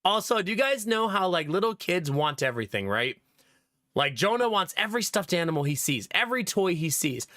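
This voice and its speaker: A young man streaming, retelling everyday family moments in a loose, laughing, animated way. His voice sits high and sounds bright. The sound is close and dry, with no room around it. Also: a little fast, dry recording. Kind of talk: casual storytelling to live chat.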